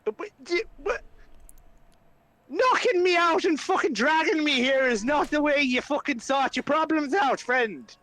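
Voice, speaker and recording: A man's voice: a little high, normal speed, no echo, lightly acted. A man doing a furious foul-mouthed adventurer. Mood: exasperated. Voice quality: swearing, exasperated shouting.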